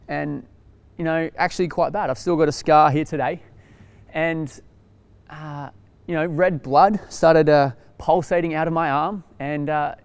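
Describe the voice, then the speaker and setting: A young Australian man, a youth pastor, telling a story in a casual, animated way with lots of fillers and restarts. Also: fairly high pitch, clear, resonant tone, dry recording.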